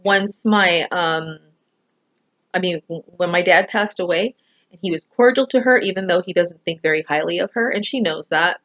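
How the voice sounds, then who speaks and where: A woman's voice: on the low side, normal speed, fairly bright tone, dull audio. A woman vlogger talking to camera about family and people, rambling and emotional, with many fillers. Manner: rambling, emotional, full of fillers like "you know". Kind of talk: personal talk to camera.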